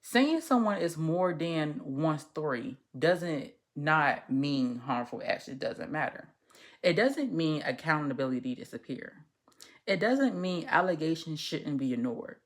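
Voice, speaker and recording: A woman with a deep, expressive voice speaks at a measured pace as host of a casual commentary podcast. She draws on her work as a social worker, rambling frankly, swearing freely and tripping over her phrasing.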